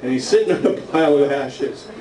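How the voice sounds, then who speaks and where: A man's voice: a little high, expressive, brisk, distant mic, crowd noise. A man teaching a casual Bible class to a small group, joking as he reads scripture aloud. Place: meeting room with a small group. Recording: roomy echo, from afar, faint noise.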